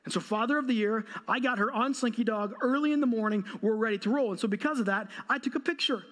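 A pastor in his thirties speaks with a strikingly high voice for a man. He preaches a sermon by telling a humorous, self-mocking story, and speaks with a storyteller's timing. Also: quick pace, fairly bright tone. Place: church.

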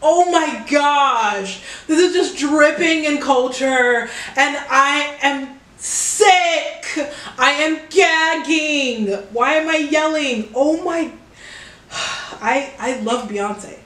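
Young woman w a high voice reacting to a song, loud excited outbursts, echoey room w faint music. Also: drawn-out words. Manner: excitable, exclaiming and swearing, cheering at the song. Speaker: reaction video creator. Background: music playing from a speaker.

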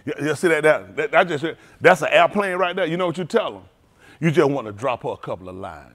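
Animated and quick, a man with a voice on the high side preaches to his congregation. He ribs them playfully, drawling street slang in a loose, joking way.

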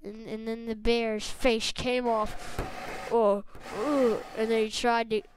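A woman narrating a ragdoll fight in a game, blurting sound effects and rushing through excited play-by-play. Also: on the high side, rough recording. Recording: loud background noise.

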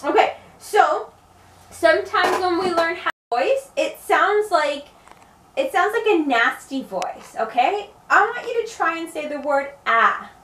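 A woman's voice: extremely high pitch, expressive, measured pace, bright, forceful tone, a little hiss or hum. A woman giving a patient, encouraging one-on-one singing lesson to a child, demonstrating vocal sounds as she goes. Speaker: singing teacher. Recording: echoey room, distant mic.

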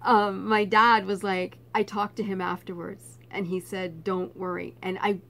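Middle-aged canadian lady vlogging, laughs a lot, gets loud and excited telling stories. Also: medium pitch, a little slow, gravelly. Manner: laughs often, animated when retelling. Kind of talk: casual storytelling.

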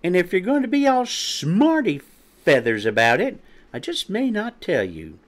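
A man voicing a bratty, smug young hen in a storybook reading, with a squeaky, snide sing-song voice. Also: sing-song, unhurried.

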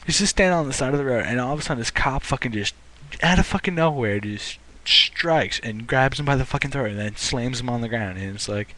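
A man's voice: medium pitch, expressive, fairly quick, bright, forceful tone. Profane ranting young man vlogger. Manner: profane and indignant, restarting often. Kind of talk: ranting commentary.

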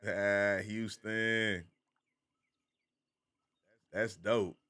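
A man's voice: on the low side, fairly even intonation, extremely slow, pushed and bright, clean tone. Laid-back Southern American man streaming. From American South, the Carolinas. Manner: laid-back, chatty, greets viewers by name. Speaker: game streamer. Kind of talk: casual live-stream chat with viewers.

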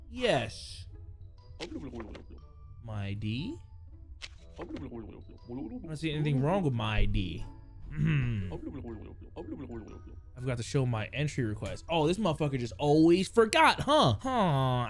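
A young man giving loud, casual gameplay commentary, swearing, talking to his chat and reading the game text aloud. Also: a little high. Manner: loud, excitable, swears a lot, talks to chat. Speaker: gaming YouTuber. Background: faint game music.

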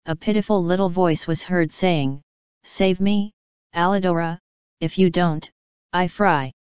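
A woman's voice: lowish voice, clean tone, no echo, lo-fi sound. A woman narrating a classic storybook as an audiobook, reading steadily and evenly.

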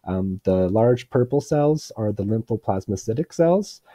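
A man presenting a medical lecture, slightly hoarse from a cold, explaining in a measured way with frequent pauses and fillers. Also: on the low side, animated, warm tone, no echo. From Canada. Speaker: hematologist presenter.

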